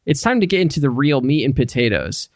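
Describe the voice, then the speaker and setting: A man's voice: mid-range voice, very animated, fast, no room sound, clean studio sound. A man voicing a stilted AI assistant that reads out a podcast intro in an announcer-like way. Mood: chirpy.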